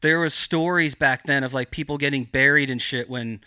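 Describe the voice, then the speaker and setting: Dude on a podcast telling a wild story, cussing a ton, bright punchy voice, dry sound. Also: male voice, medium pitch, normal speed, clear, resonant tone, no room sound. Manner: profane, animated, heavy filler "like". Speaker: podcast guest. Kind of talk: casual storytelling.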